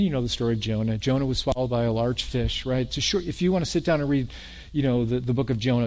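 A male pastor preaching a sermon in an animated way, often repeating words and laughing along with the congregation. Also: medium pitch. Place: church sanctuary.

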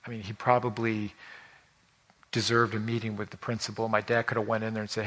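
A man preaching a conversational sermon, telling personal stories in an animated, folksy way with frequent repetitions and restarts. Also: on the low side, fairly quick. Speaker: pastor.

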